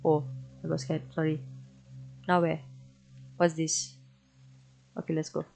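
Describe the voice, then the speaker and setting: Young woman, Malaysian English accent, horror let's play streamer; jumpy, foul-mouthed, unhurried delivery. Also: deep voice, monotone, vocal fry, faint music behind. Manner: jumpy, swears constantly, loud startled reactions. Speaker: gaming streamer.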